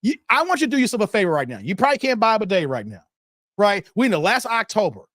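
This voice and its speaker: High, lively man joking with his chat. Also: quick pace, dry recording, clean studio sound. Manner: animated, joking, laughs often, talks back to chat. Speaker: livestream host reading viewer chat. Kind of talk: casual livestream chat. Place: basement home studio.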